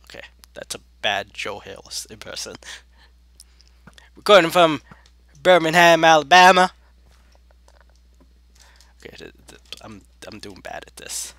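A man giving excitable gaming commentary at a close desk mic, jumping between loud yelps and sneaky whispers. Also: on the low side, normal speed, vocal fry, husky. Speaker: gaming video host.

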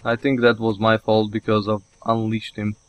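A man hosting a let's play, giving casual gameplay commentary. He gets excited, talks straight to the game characters, swears mildly and laughs at his own slips. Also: fairly low pitch, normal speed, faint music behind.

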